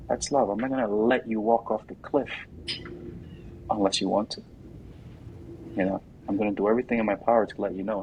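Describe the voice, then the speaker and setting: A man speaking as a guest in a casual interview, animated and quick to act out what others say. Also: on the low side, slight background noise, rough recording. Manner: animated, acts out quoted voices loudly.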